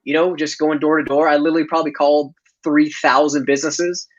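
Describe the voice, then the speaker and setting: Guy rambling through a story on a video call, kinda high voice, muffled lo-fi sound. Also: level tone, fast talker. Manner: loose, filler-heavy, laughs often. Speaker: podcast guest. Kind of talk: casual storytelling. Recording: dull lo-fi audio.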